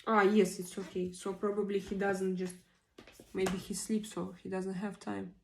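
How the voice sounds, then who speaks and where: A woman's voice: mid-range voice, flat delivery, gravelly, a little mellow, slight background noise. A woman, hosting a casual live stream and reading out viewer comments while she hunts for English words. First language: Russian. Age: 40s. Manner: halting, searching for words with many pauses. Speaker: livestream host.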